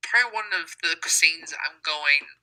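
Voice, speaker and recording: A woman joining a casual movie podcast chat, offhand, with soft quiet asides. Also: low voice, lively intonation, normal speed, crowd noise, low-quality recording.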